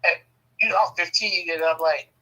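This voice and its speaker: Man, casual profane storyteller, husky edge, bright forward tone. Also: on the high side, normal speed, poor audio. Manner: profane, animated, laughing.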